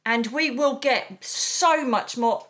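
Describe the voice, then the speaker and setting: Chatty British woman, slightly high voice. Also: slow pace. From United Kingdom. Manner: animated and chatty, calls people darling. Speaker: psychic medium, podcast guest. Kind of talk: casual interview chat.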